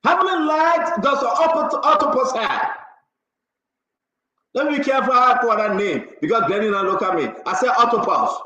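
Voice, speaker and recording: A man's voice: very high voice, moderate pace, pushed and bright. A man hosting a heated political talk show, firing rhetorical questions and steering the guests. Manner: emphatic, rhetorical, moderating callers. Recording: very echoey, dull lo-fi audio.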